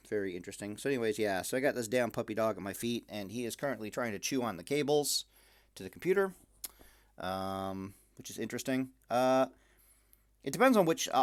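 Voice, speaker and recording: A man casually rambling in a vlog from his room at night, full of fillers and dry self-mocking jokes. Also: on the low side. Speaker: gaming video creator.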